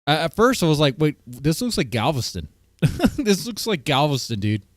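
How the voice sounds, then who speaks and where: A man's voice: fairly high pitch, big pitch swings, moderate pace, no room sound, clean studio sound. A man hosting a livestream, giving a rambling, crude reaction commentary full of fillers. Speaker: streamer host.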